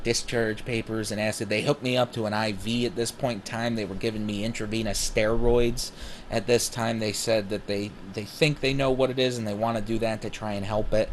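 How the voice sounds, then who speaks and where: A man telling his own story casually, rambling with many fillers and self-corrections, and growing animated when he acts out dialogue. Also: on the low side, a little hiss or hum.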